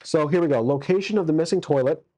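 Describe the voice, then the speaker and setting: A man's voice: on the high side, fast talker, warm tone. A man casually narrating a solo tabletop game as its game master, with crude jokes and many fillers.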